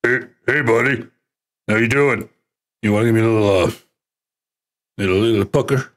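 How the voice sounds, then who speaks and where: A man's voice: lowish voice, normal speed, fairly bright tone, voice pushed down, close to an everyday voice. A man putting on a smarmy, flirty guy, mock-seductive and drawn out. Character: smarmy flirty man teasing a buddy for a kiss.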